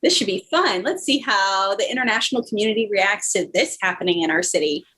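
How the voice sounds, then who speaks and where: A breezy young woman with a do-good streak, as a woman game master puts her on. She chats in a casual, upbeat way at an easy middle pitch. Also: animated, fairly quick, sharp tone, slightly rough. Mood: amused.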